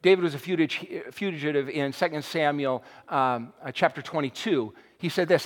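A male pastor delivers an impassioned sermon in a high, ringing voice. He builds to loud cries, then drops to a hushed near-murmur. The sound carries a long reverb from a large church sanctuary. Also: normal speed, few pauses. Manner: impassioned, swings from shouting to hushed.

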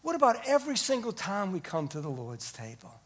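A middle-aged man preaches briskly as pastor, with huge swings in pitch as he climbs to emphatic peaks and then falls low and quiet.

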